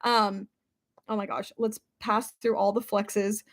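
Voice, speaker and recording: A woman's voice: flat delivery, slow. A woman in her thirties with a stuffy, congested head, hosting a casual livestream at home and reading out viewer comments, often breaking into giggles. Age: 30s. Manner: giggly, breaks into high shrieking laughter. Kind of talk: casual live chat.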